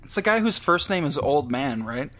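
A man co-hosting a podcast in casual joking chat, deadpan with wry asides. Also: on the high side, normal speed. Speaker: podcast co-host.

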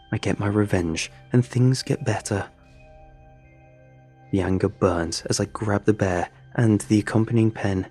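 A first-person horror story is narrated by a man whose voice is low, dark and husky. He tells it in a measured, brooding way over faint music.

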